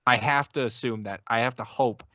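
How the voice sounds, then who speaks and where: A man's voice: mid-range voice, steady tone, fairly quick, bright, forceful tone, no room sound, lo-fi sound. A man co-hosting a casual sports podcast, talking in exasperated rants full of stammering restarts. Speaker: podcast co-host.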